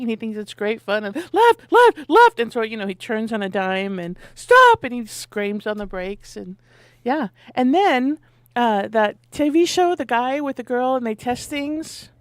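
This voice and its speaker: Woman, radio co-host, fairly high voice, playful, laughs a lot, dry studio sound. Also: dry recording. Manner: playful, laughs often, lively retelling. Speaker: radio morning show co-host. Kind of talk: casual on-air chat. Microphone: studio microphone.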